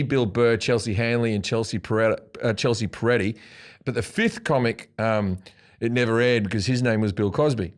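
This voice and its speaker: Rambling Australian comedian guest. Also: male voice, medium pitch. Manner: loose, rambling anecdotes with frequent restarts. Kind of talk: casual interview chat. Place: podcast studio.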